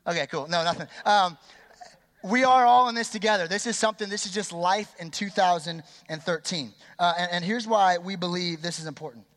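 High-voiced young pastor in a reverberant hall. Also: male voice, fairly quick. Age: 20s. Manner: energetic, chatty, quizzes and polls the crowd. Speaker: youth pastor. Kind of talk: youth sermon.

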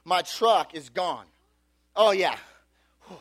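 A man with a high voice tells a personal story as a sermon, animated and chatty. He leans on casual fillers and acts out the people in the story as he goes. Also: a little fast, dry recording. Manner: animated, filler-heavy storytelling with acted-out quotes.

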